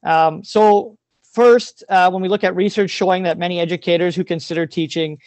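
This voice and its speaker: A man's voice: high voice, fairly even intonation, normal speed, darkish tone, no echo. A man, a teacher giving an earnest, openly emotional presentation over a video call, with many ums.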